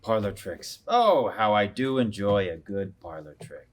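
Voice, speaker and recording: A man's voice: fairly low pitch, big pitch swings, unhurried. An actor playing a grand, theatrical male mage in a script reading. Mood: grandiose. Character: scheming showy male mage, grandly formal.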